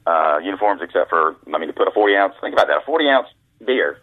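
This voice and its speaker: Man, deep voice, lively swooping pitch, folksy storyteller, tinny phone line. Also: fast talker, no room sound. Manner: folksy anecdotes, acts out voices. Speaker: guest author, former caddy. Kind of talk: storytelling interview.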